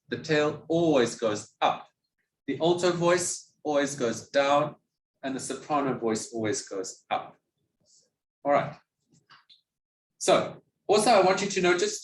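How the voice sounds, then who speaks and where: A man with a slightly high voice delivers a music theory lecture in a classroom, patiently posing questions and then answering them himself. The room is echoey, the mic sits at a distance, and there's a bit of background noise.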